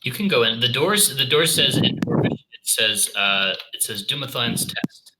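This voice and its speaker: A man running a tabletop role-playing game as game master, narrating scenes in a measured way. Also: mid-range voice, expressive, background noise. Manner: descriptive, measured narration with self-corrections.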